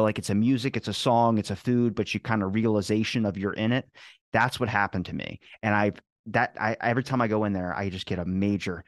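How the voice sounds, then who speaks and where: A man's voice: on the low side, no room sound, studio quality. A young man in casual podcast chat, rambling through stories and swearing freely. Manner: rambling storyteller, swears freely, animated quoting. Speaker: podcast host.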